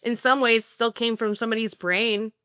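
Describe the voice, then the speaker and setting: A woman's voice: a little high, steady tone, moderate pace, pushed and bright, clear, resonant tone, dry recording, clean studio sound. A woman guest on a podcast, talking casually and chattily about her design work, with lots of "like" fillers.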